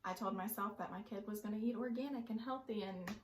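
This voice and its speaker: A young woman in casual chat, telling stories in an animated way. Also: medium pitch, fast talker, roomy sound, a little hiss or hum. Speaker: co-host.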